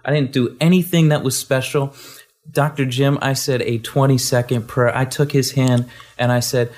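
A man shares a ministry testimony in a loose, storytelling way. He doubles back and restarts his sentences often. His voice sits at an ordinary middle pitch. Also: fairly even intonation, moderate pace, a little mellow. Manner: rambling, full of restarts. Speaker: guest minister.

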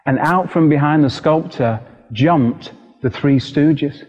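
Animated British man preaching in a hall. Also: fairly high pitch, slow, faint music behind. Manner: lively storyteller acting out quoted voices. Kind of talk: sermon storytelling. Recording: dull recording with long hall reverb.

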